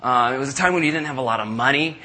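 A middle-aged man preaching, telling a story with lively asides and acting out the people in it. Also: medium pitch, racing. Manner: animated, acts out callers in raised voices. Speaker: pastor. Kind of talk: sermon storytelling. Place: church service.

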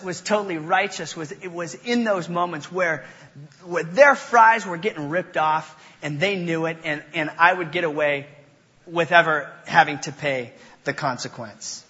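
A man's voice: sits high, sharp tone. A young man preaching a sermon, mixing scripture teaching with playful, self-mocking stories from his childhood. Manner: playful, self-mocking storyteller with quick voice changes. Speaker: pastor. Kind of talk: sermon with personal storytelling. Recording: dull sound in a reverberant hall.

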